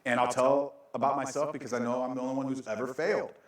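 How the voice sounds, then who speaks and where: Joking pastor in a very echoey church. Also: male voice, medium pitch, little pitch movement, fast, far from the mic. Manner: joking, self-mocking preaching with frequent laughs. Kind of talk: sermon. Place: church sanctuary.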